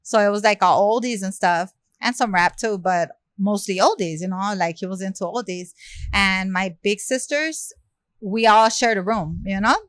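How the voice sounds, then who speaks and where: Here a woman rapper from South Central LA recounts a story at a moderate pace during a laid-back interview. Her mid-pitched voice stays lively as she performs each bit of quoted dialogue and leans on fillers like "you know" and "like," recorded close and dry with no echo.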